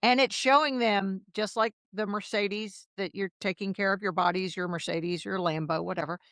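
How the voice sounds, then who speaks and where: A woman in her fifties speaks as a podcast guest, recorded close and dry with no room sound. She tells her stories in an animated way and acts out the dialogue, with a pitch that sits in the middle for a woman. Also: moderate pace, dry recording. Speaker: podcast guest, health coach. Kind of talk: casual interview storytelling.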